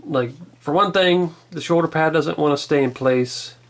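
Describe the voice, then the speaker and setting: Relaxed man casually reviewing a toy. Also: fairly high pitch, normal speed. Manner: relaxed, rambling, hesitant restarts.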